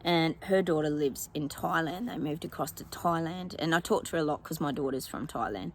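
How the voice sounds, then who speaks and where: Gravelly-voiced Australian woman chatting. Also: deep voice, brisk, slight background noise, poor audio. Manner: rambling, chatty, keeps calling viewers "guys". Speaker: psychic vlogger. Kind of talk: casual chat to viewers. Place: outdoors in a rural yard with her dogs.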